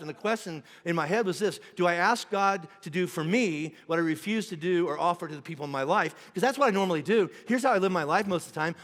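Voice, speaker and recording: A man's voice: sits high, very fast, few pauses, fairly bright tone, in a large hall. A middle-aged man preaching a sermon as pastor, in a conversational way, acting out quoted voices. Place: church auditorium.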